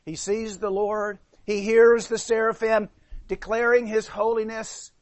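Earnest high-voiced male preacher. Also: level tone, measured pace, no echo. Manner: earnest, repeats words when restarting. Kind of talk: sermon.

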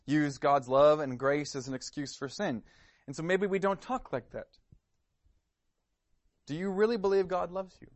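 A man's voice: medium pitch, no echo. Male preacher, earnest sermon delivery, probing questions, dry sound. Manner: earnest, searching questions, some stammered repeats.

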